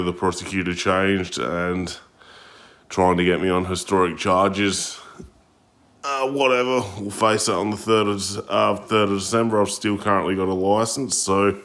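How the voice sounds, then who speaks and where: Aussie bloke vlogging, super low voice, pretty monotone, blunt and chill. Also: male voice. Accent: Australian. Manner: blunt, laid-back, swears casually. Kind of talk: casual storytelling.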